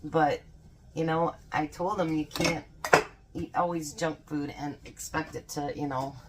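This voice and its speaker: A woman's voice: low voice, steady tone, measured pace, background noise. A woman chatting folksily as she cooks in her home kitchen, laughing often. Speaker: home cooking vlogger. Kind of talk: casual cooking vlog chat.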